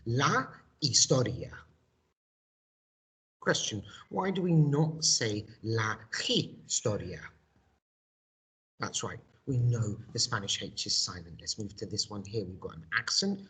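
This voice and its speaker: A male teacher giving a recorded video lesson. He speaks slowly and deliberately, modelling each word for pupils to repeat and stressing every sound. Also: fairly low pitch, very animated, a bit bright, breathy edge.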